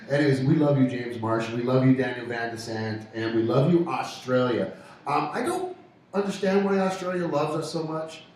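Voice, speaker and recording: A man's voice: medium pitch, normal speed, darkish tone, slight background noise. A man hosting a radio show with casual, rambling, joking banter from a pub. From Canada. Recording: echoey pub from far off.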